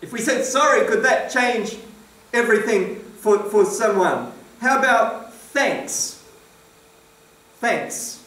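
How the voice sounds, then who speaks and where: A man's voice: high voice, expressive, takes it slowly, pauses often, bright, forceful tone. A man preaching a sermon in a church hall, emphatic and questioning his congregation. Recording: roomy echo, distant mic.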